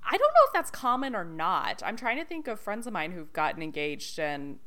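Lively-pitched woman chatting on a podcast. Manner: chatty, quick to laugh. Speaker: podcast co-host. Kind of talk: casual chat.

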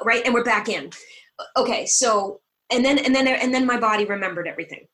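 A woman's voice: moderate pace, low-quality recording. A middle-aged woman, a stage actor, telling a story in a casual interview and acting out the lines she quotes. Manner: animated storyteller, acts out quoted lines with big pitch jumps.

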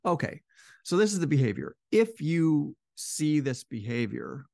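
Man with a gravelly, dry-sounding voice. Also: a little high, sing-song, a little slow, dark tone, no echo. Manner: conversational, acts out quoted couples with shifting voice. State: slightly strained voice. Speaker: relationship educator. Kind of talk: casual explanatory talk.

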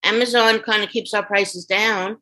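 A woman's voice: medium pitch, fairly even intonation, normal speed, sharp tone, poor audio. A middle-aged woman from Brooklyn with a Brooklyn accent, a guest author chatting frankly in a casual interview. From Brooklyn, New York. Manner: frank, chatty, trailing restarts.

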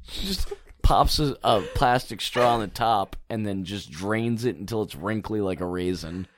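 A man's voice: fairly low pitch, moderate pace, no room sound. A man in casual podcast chat, joking and teasing the others. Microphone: studio microphone.

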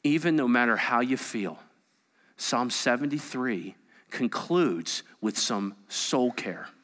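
A man's voice: medium pitch, animated, slow. A man preaching a sermon, reading scripture aloud and adding conversational asides, dropping at times to a whisper. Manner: dramatic, swings from loud to whispered; conversational asides with rhetorical questions. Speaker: pastor.

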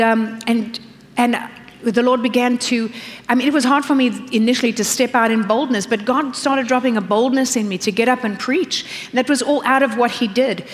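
A middle-aged woman pastor preaching a sermon, animated and acting out the voices she quotes. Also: on the high side, big-room sound.

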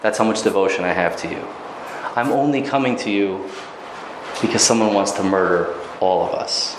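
A man's voice: fairly low pitch, normal speed, noisy background, voice pushed down, natural voice. Male teacher playing a devoted queen, earnest and pleading, echoey room.

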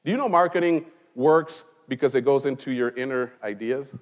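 A man's voice: mid-range voice, moderate pace, big-room sound, highs cut off. A man who grew up in Mexico, preaching a conversational sermon from a pulpit in church and mixing in wry jokes. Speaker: pastor.

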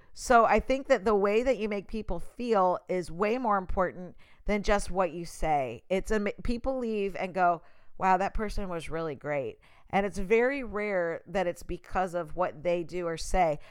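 Fired-up woman talking straight at you, smooth clear voice, dry recording. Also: lowish voice, dry recording. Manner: passionate, emphatic, talks to the listener directly. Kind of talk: casual motivational monologue.

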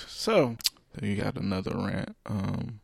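A man's voice: fairly low pitch, very animated, takes it slowly, creaky, slightly rough, dry recording, clean studio sound. A young man co-hosting a podcast, talking in a laid-back, rambling way with fillers. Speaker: podcast co-host. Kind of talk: casual podcast chat.

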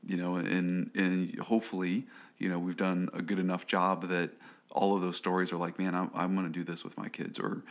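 A man with a low, deep voice gives casual advice on a podcast. He talks in stops and starts and leans on "you know" and "right?" as he works through his point. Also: level tone. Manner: halting, heavy on fillers like "you know" and "right?".

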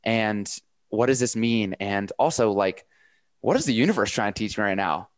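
A man hosting a casual podcast conversation, talking with eager, energetic enthusiasm. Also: on the low side, moderate pace, dry recording.

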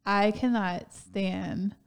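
A woman's voice: medium pitch, fairly even intonation, very slow, gravelly, clean tone. A young woman co-hosting a podcast in casual chat, playful and giggly, laughing often. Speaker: podcast co-host.

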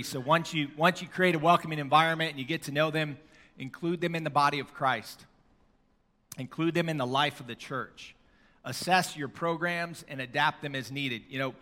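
A man's voice: a little high, sharp tone, long reverb tail. A middle-aged man preaching a sermon in a church, telling stories in a conversational way with fillers.

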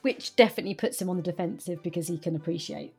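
A woman's voice: on the low side, vocal fry, soft background music. A woman co-hosting a book podcast, chatting casually with frequent fillers. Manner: warm, halting with fillers.

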